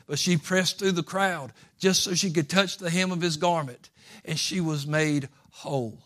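Folksy preacher, high and bright. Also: male voice, normal speed. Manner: folksy, swings from quiet asides to impassioned pleading. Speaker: pastor. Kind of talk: sermon.

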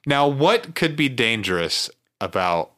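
Male podcast co-host, bright tone, dry sarcastic humor, casual banter. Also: mid-range voice, big pitch swings, a little slow. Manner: dry, sarcastic jokes with frequent laughs. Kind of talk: casual comedic chat.

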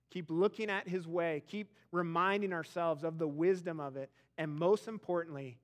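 A man's voice: sits high, fairly bright tone. A man preaching a sermon as pastor, conversational and self-deprecating, moving into an earnest prayer.

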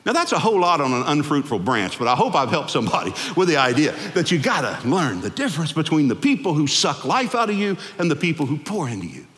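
A man preaching a sermon to his congregation, animated, with sudden swings in pitch and loudness as he acts out the people he quotes. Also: quick pace, hardly any pauses. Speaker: pastor. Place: church sanctuary. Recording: long hall reverb.

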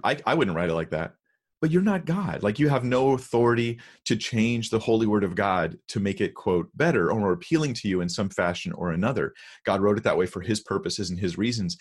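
A man in a conversational podcast discussion, speaking earnestly and emphatically about Bible translations and reading verses aloud slowly. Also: on the low side, breathy edge.

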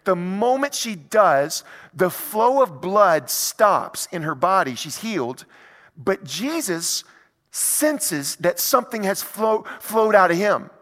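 In a reverberant hall, a pastor preaches a sermon in a conversational, animated style full of rhetorical questions. His voice sits high and is slow.

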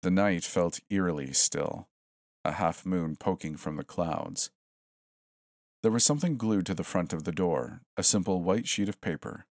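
A man narrating a horror story in a steady, tense storytelling manner. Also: low-pitched, normal speed, no echo, studio quality.

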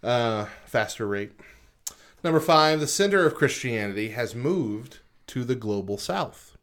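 A man co-hosting a casual podcast, reading statistics from a list with frequent pauses and adding informal comments. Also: medium pitch, expressive, a bit bright. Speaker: podcast co-host.

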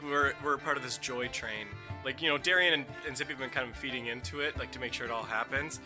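A man playing in a tabletop role-playing game, excitable and full of fillers. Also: medium pitch. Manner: excitable, fast, lots of "like". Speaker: player.

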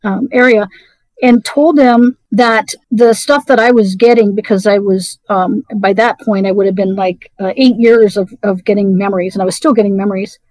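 A woman's voice: mid-range voice, steady tone, darkish tone, dry recording, poor audio. Middle-aged woman guest, hesitant storyteller, dry recording. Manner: halting, many restarts and fillers. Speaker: interview guest. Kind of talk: personal story in conversation.

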